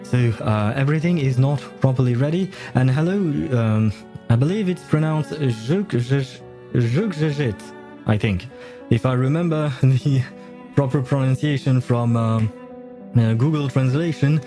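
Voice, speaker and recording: A man's voice: medium pitch, normal speed, warm tone. A man streaming live, chatting casually and rambling with many fillers, self-corrections and laughs; English is not his first language. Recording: faint music behind. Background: faint game music.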